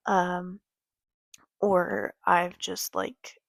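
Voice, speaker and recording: A young woman talking casually to her camera late at night, halting with many ums and sighs. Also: on the low side, little pitch movement, gravelly, no room sound. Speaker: vlogger. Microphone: computer or phone camera.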